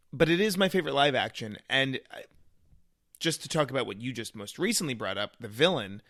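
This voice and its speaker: A man's voice: mid-range voice, dry recording, studio quality. Man animatedly discussing a film. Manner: animated, acts out reactions in quoted asides. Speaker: co-host. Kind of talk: casual movie review chat.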